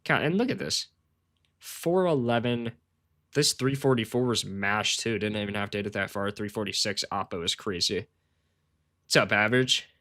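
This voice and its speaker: With a lowish voice that's pushed and bright, at a moderate pace, a man live-streams research into sports bets. He rambles to his viewers in slang, says "bro" a lot, laughs readily, and runs himself down.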